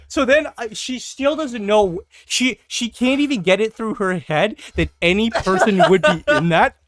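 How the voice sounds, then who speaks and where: Casual podcast storyteller with a very lively pitch and stammered restarts, recorded dry. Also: moderate pace, no echo. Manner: animated, profane, acts out the people in the story. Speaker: podcast host.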